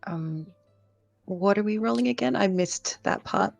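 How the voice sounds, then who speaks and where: A woman's voice: mid-range voice, a little slow, vocal fry, no room sound, faint music behind. A woman playing a tabletop game, hesitant and asking questions. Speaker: player. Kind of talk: casual tabletop play.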